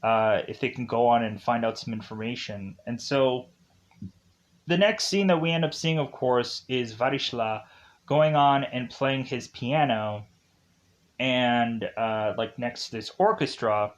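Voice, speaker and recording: A man's voice: mid-range voice, a little slow. A man reviewing a film, retelling the plot in a rambling, casual way with many fillers.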